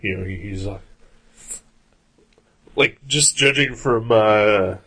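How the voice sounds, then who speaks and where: Low gravelly-voiced man chatting about films. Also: takes it slowly, fairly bright tone. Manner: rambling, many fillers and restarts. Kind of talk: casual film discussion.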